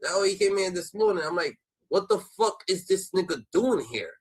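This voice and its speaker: A man telling a rowdy street story in casual chat, heavy with slang and cursing, jumping in pitch whenever he acts out other people. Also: normal speed, slightly rough, low-quality recording. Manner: animated storytelling, acting out quoted voices with jumps in pitch. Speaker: host.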